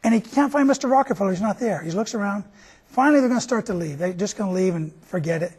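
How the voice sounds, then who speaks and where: Husky-voiced man telling a story. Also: sits high, expressive, fast talker, a little mellow. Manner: folksy, conversational. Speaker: TV show host.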